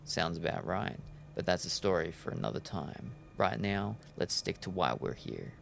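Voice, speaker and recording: A man voicing a gruff, streetwise male vampire mentor in a video game, talking in a world-weary, clipped way. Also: sits low, animated, normal speed, slight background noise, pitched below the performer's own voice, heavily acted. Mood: gruff, knowing. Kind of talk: game dialogue read aloud.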